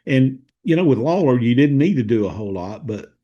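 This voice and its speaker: A man talking things over on a podcast, his voice mellow and a little husky. He muses slowly, often trailing off and restarting his thought. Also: medium pitch, expressive, dull audio. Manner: thoughtful, hesitant, many fillers and restarts. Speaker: co-host of a wrestling history show. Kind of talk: casual podcast discussion.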